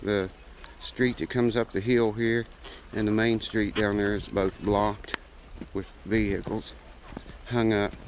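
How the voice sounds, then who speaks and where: A man's voice: fairly low pitch, little pitch movement, slow pace, slight background noise, rough recording. A man making a guitar repair video, chatting casually in a rambling, folksy way with plenty of "uh" fillers. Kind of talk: casual vlog chat.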